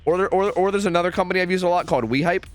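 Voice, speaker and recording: A man's voice: high voice, very fast. A young man streaming, chatting casually with viewers in a rambling, profane, sarcastic way.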